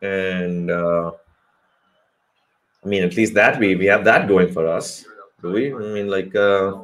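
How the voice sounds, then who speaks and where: A man's voice: deep voice, slow, pauses often. A man giving a live cricket commentary hangout, rambling with joking asides and correcting himself mid-sentence.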